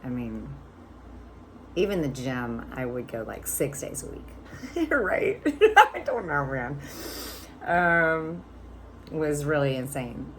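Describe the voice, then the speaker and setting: Low-voiced chatty woman in her fifties. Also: big pitch swings, slow pace, long pauses, a bit bright, a little hiss or hum. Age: 50s. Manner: chatty and candid, swearing casually. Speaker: vlogger. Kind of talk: casual storytelling to camera.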